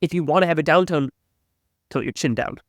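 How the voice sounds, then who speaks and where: Thoughtful man with a higher voice explaining sales. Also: expressive, brisk, no echo, clean studio sound. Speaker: sales expert guest. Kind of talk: conversational sales advice.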